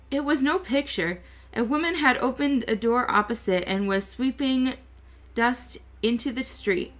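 A woman reading a novel aloud chapter by chapter, going slowly and carefully, stumbling now and then and correcting herself. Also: fairly high pitch, fairly bright tone. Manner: slow, careful reading with small slips and self-corrections. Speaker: VTuber book reader.

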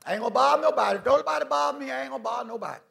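A man's voice: very high voice, very fast, gravelly, a bit bright, voice pushed up, exaggerated voice. A man preaching who briefly voices a reluctant man who stays home from church, grumbling and making excuses.

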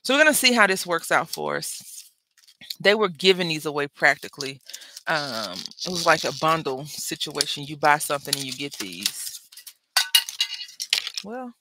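Chatty, bright-voiced crafting host, rambling. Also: mid-range voice, big pitch swings, normal speed. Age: adult with school-age kids. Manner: rambling, chatty, self-interrupting. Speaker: papercraft channel host. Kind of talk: casual chat while crafting.

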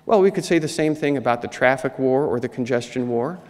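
A man's voice: medium pitch, brisk, darkish tone. A man giving a conference keynote lecture as a historian, talking through slides with rhetorical questions, recorded over a PA in a large hall. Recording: hall with long reverb.

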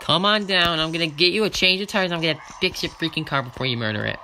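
A man giving let's-play commentary on a racing game, swinging between loud cheers and grumbling mutters. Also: fairly high pitch, fast. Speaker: gamer playing a racing management game. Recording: noticeable background noise.

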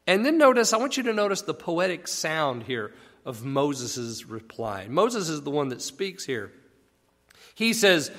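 A man's voice: fairly high pitch, big pitch swings, a little slow, fairly bright tone. A man casually teaching a Bible passage, explaining conversationally and asking rhetorical questions. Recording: long echoey reverb.

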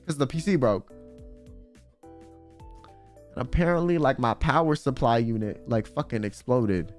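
A man's voice: mid-range voice, measured pace, soft background music. A man streaming in a casual chat, rambling and swearing freely, full of filler words. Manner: rambling, profane, full of "like" and "you know".

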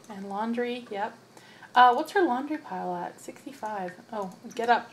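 A woman's voice: fairly high pitch, expressive, normal speed, slight background noise. A young woman giving casual, chatty commentary over her gameplay and talking to her game characters. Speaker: let's play host.

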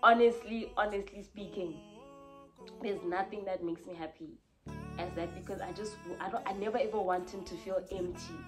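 A woman's voice: medium pitch, fairly even intonation, normal speed, music in the background. A young woman, venting candidly to camera in a confessional vlog, rambling and heartfelt with many fillers and restarts. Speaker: vlogger.

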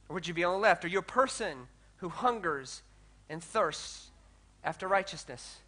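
A man preaching a sermon as a pastor, animated and rising to loud declamation when reading scripture. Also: high voice, normal speed.

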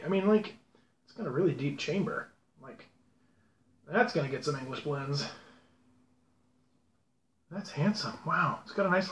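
A man hosting his own channel, chatting casually and rambling with self-deprecating asides as he unboxes things. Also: fairly high pitch. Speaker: pipe-smoking channel host. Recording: echoey room with faint background noise.

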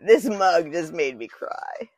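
A woman's voice: on the low side, animated, slow pace, darkish tone, dry recording, soft background music. A woman hosting an unboxing vlog, thinking aloud and easily moved as she goes through the items. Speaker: channel host. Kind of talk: unboxing vlog, talking to herself.

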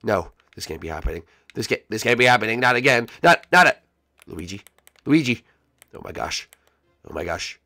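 A man's voice: lowish voice, very animated, moderate pace, bright, forceful tone, dry recording, clean studio sound, faint music behind, full character voice. A man voicing a timid, lonely male roommate who stammers and panics in a Minecraft role-play. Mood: panicked. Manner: stammering, nervous, fretful. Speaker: regular character in a series.

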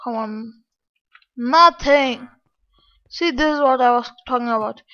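A woman's voice: on the high side, measured pace, pushed and bright. A woman giving casual game commentary, complaining aloud to her viewers in an exasperated way. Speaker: gaming channel host. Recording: dull lo-fi.

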